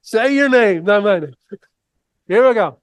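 A man's voice: sits high, expressive, a little slow, no echo. A man preaching a sermon as pastor, in a folksy, rambling way with many restarts.

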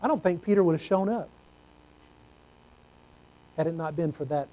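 A man preaching a sermon, earnest, swinging from loud exclamations to hushed low tones. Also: moderate pace, rough recording.

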